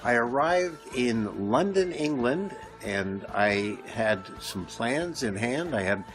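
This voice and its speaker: An older man from Canada telling a rambling story, his voice sitting at an ordinary middle pitch. He mocks himself as he talks and picks up speed when the tale gets tense. Faint music plays under him. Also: slow pace. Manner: rambling, self-mocking, speeds up when excited. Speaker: podcast host. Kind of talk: storytelling monologue.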